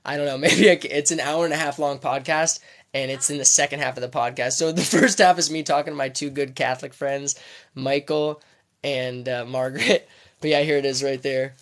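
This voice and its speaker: A man's voice: mid-range voice, steady tone, fairly quick, fairly bright tone, no room sound. A man telling a story on a livestream, rambling casually and stopping often to restart. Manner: rambling, full of fillers and restarts.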